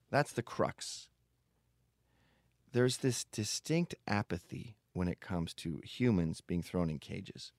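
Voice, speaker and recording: Deep-voiced blunt male podcast host. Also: darkish tone, dry recording, clean studio sound. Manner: blunt, profane, digressive. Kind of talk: casual monologue.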